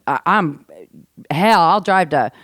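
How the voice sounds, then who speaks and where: A woman in her fifties, a comedian guest telling stories on a casual podcast at the host's home, animated and swearing freely, swinging between hushed and loud. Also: lowish voice, slow, dry recording, studio quality. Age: 50s.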